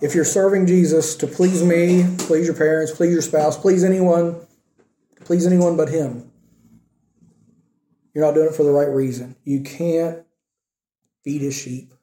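A man's voice: fairly high pitch, steady tone, measured pace, pauses often, dark tone, echoey room. A man preaching a sermon in an earnest, conversational way with rising emphasis.

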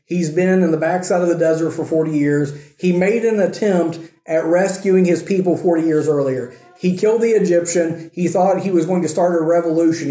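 Male preacher, conversational storytelling, rhetorical questions, mellow tone, echoey room. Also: fairly high pitch. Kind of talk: sermon.

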